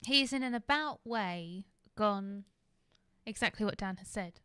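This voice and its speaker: Bright, crisp woman co-host. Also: mid-range voice, a little slow, no room sound, clean studio sound. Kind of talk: casual chat.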